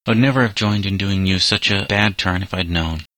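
A man's voice: low voice, brisk, bright, forceful tone. A man voicing an ashamed, timid teenage boy who pleads earnestly.

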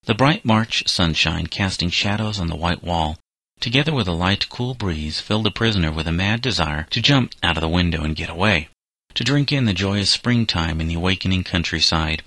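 A man reading a scripted story aloud in a measured, steady way. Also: deep voice, no room sound, poor audio. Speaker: narrator.

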